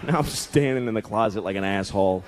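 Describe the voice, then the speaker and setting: A man's voice: lowish voice, fast. A man in his thirties doing a stand-up comedy set, profane and exasperated, acting out voices as he goes, with audience laughter on a live stage mic. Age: 30s. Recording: live club set with crowd laughter and noise.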